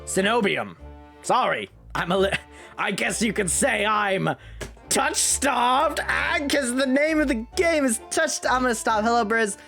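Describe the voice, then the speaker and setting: A man streaming a game playthrough, chatting casually with excitable, rambling asides and frequent swearing. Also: very high-pitched, measured pace, gravelly, faint music behind. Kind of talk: casual let's-play commentary.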